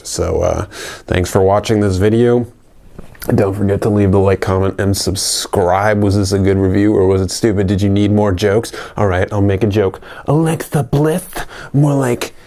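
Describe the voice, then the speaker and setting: Low-voiced man rambling through a toy review. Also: darkish tone. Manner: rambling, joking, many fillers and restarts. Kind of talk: casual unscripted toy review.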